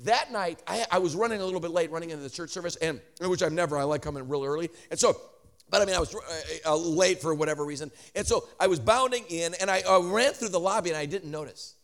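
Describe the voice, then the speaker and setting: High-voiced man preaching a story sermon. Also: fast talker. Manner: animated, joking asides, many "I mean" restarts. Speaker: traveling preacher.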